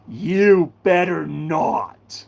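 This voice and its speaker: Excitable ranting fan with a gravelly voice. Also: medium pitch, very slow. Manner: excitable, ranting, bursts of shouting. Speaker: channel host answering fan questions. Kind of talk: live fan Q&A with character role-play.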